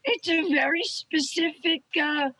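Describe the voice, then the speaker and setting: A woman's voice: very high voice, measured pace, sharp tone, dry recording, poor audio. A woman talking as a guest in a casual conversation, emphatic and a little profane.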